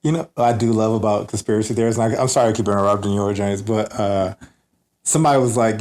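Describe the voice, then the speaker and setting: A man's voice: on the low side, steady tone, fast talker, a little mellow, roomy sound. A man co-hosting a podcast, loose and joking, full of slang and acted-out voices. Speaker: podcast co-host. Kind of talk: casual comedic podcast banter.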